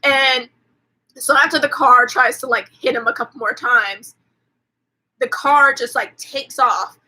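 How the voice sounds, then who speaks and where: A woman's voice: sits high, steady tone, a little slow, pushed and bright, breathy edge, low-quality recording. A woman hosting a casual live movie recap, chatty and profane, with lots of "like" fillers. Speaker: host.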